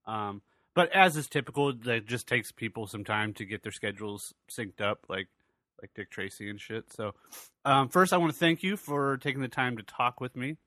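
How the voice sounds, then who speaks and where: A man's voice: mid-range voice, lively intonation, normal speed, sharp tone, dry recording. A man hosting his podcast in casual chat, rambling and loose, swearing freely. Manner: rambling, loose and profane, with many fillers. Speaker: podcast host.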